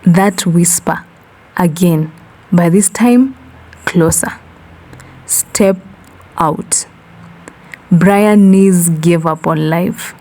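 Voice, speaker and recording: Woman, comic horror story narration, warm dark tone, slang asides. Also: lowish voice, rough recording. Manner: unhurried, mixing in slang asides.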